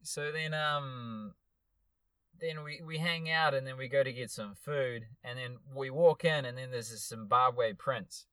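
A young man co-hosting a podcast, telling an animated story with plenty of swearing and acted-out quotes. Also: medium pitch, a little slow, clear, resonant tone, no room sound. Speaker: podcast co-host. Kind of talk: casual chat, storytelling.

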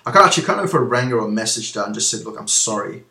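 A man's voice: medium pitch, very animated, very fast, pushed and bright. A man who once owned a gym, being interviewed and talking candidly and reflectively, with plenty of fillers and restarts. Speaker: guest, former gym owner. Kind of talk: casual interview chat. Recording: echoey room.

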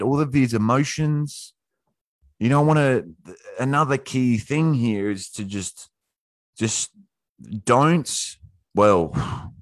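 A man hosting an online workshop in a casual, profane way, often acting out quotes in a high voice. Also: no room sound. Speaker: workshop host. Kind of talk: casual motivational talk.

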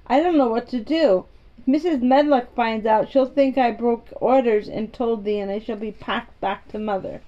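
Voicing an anxious young housemaid girl for a storybook, a woman uses dialect and fretful, excitable exclamations while staying close to her everyday voice. She sounds a little high at a moderate pace, with lo-fi sound.

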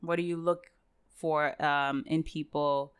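A woman's voice: sits low, little pitch movement, slow pace, smooth. A woman co-hosting a podcast in casual chat, asking questions and steering the conversation. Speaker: podcast co-host.

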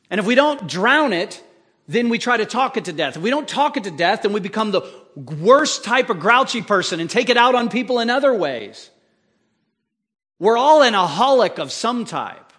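A male pastor with a fairly high voice delivering a sermon. He keeps it animated and conversational, tossing rhetorical questions out to the congregation as he goes.

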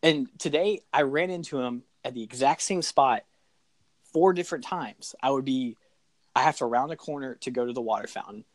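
A man's voice: mid-range voice, moderate pace, no echo. Rambling young man, casual podcast co-host. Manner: rambling, hesitant, lots of fillers like "like".

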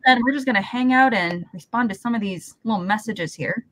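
A chatty woman hosting a live stream, her voice sitting a bit high and sounding bright and forceful. She laughs easily and drops the odd casual swear. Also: brisk, no echo, rough recording. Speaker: host.

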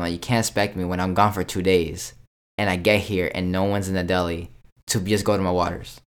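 Deep-voiced young man telling a story. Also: normal speed, smooth. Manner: animated storytelling, acts out quoted exchanges; frequent restarts and "I'm like". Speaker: podcast co-host. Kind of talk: casual chat.

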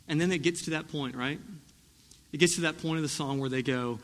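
A young man preaching a sermon in a conversational, animated way, often restarting his sentences. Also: fairly high pitch, moderate pace. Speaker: pastor. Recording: echoey hall.

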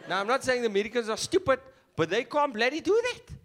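Animated South African comedian, high voice. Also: male voice, fast talker. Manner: animated, playful, mocking asides. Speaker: stand-up comedian. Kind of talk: stand-up comedy set.

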